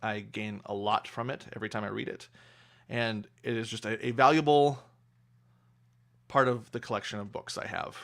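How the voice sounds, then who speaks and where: A young adult man talking casually on a livestream about the book he is reading, pausing often with fillers and restarts. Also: fairly low pitch, steady tone, gravelly, fairly bright tone. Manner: hesitant, many fillers and restarts. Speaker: streamer reading a book aloud.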